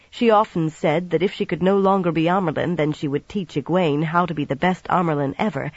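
An audiobook narrator reading fantasy prose in a measured, even manner, in a slightly dull recording. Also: medium pitch, no room sound.

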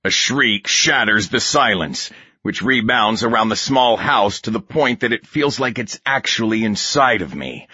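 A man narrates in a low, husky voice with a bright, forceful edge. His storytelling is steady and measured. The recording is dry and a little dull. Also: no echo. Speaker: audiobook narrator. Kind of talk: scripted narration of a war novel.

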